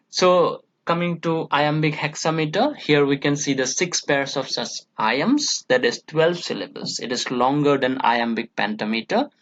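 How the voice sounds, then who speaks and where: A man with an Indian English accent, a college English lecturer explaining verse meter slowly and patiently and checking in with "okay" again and again. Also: fairly high pitch, a bit bright. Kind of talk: recorded classroom lecture. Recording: dull lo-fi audio.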